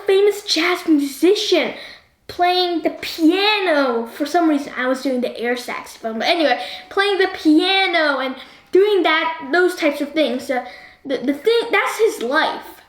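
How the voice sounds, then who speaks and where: A high, bright-pitched woman talks through a movie review, tossing question after question at her viewers. The room around her rings with a noticeable echo. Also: unhurried. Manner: keeps asking the viewer questions, animated. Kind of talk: chatty video review. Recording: roomy echo.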